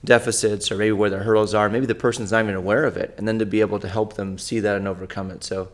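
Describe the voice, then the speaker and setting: A man's voice: on the low side, flat delivery, fast talker. A man who is a physical therapist hosts a casual interview and introduces his guest with enthusiasm. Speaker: podcast host, physical therapist.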